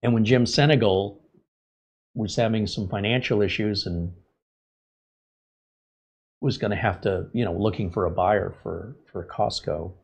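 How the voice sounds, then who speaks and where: A man hosting a tech show, telling a rambling casual story from the US West Coast, chatty and sometimes loud and incredulous. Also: lowish voice, measured pace, gravelly, pauses often, slightly rough. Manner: chatty, gets loud and incredulous when joking. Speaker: tech channel host.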